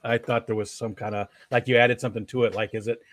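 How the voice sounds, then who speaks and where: A man's voice: mid-range voice, level tone, fast, a bit bright, no echo. A man hosting a casual interview stream, rambling and chuckling as he talks. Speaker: stream host.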